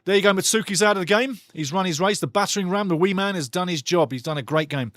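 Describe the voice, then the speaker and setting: A man's voice: high-pitched, quick pace, a bit bright, dry recording. A man doing passionate live football commentary for a watch-along, mocking the referee and bantering with the chat.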